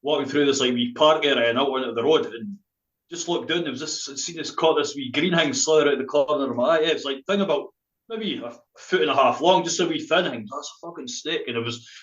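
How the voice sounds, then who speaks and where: A man's voice: mid-range voice, fast talker, a bit bright. Dundee guy, swears a lot, rambly and laughing, echoey muffled sound. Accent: Scottish, Dundee. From Scotland. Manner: rambling, laughing, heavy local slang. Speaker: spoken word poet, guest. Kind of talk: casual storytelling with swearing.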